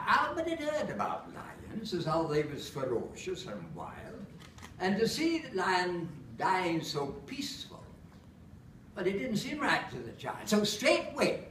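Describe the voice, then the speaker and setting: A man recites comic rhyming verse in a broad Lancashire accent, his pitch rising and falling freely. He sounds roomy and set back from the mic, with a faint hum of ambience behind him. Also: wildly swooping pitch, a little slow, a bit bright, far from the mic. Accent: put-on Lancashire. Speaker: storyteller.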